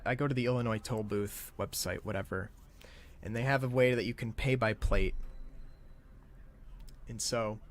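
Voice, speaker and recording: A man telling a comic story as a profane, exasperated rant that swings between loud outbursts and muttered asides. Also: mid-range voice. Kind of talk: comedic ranting story.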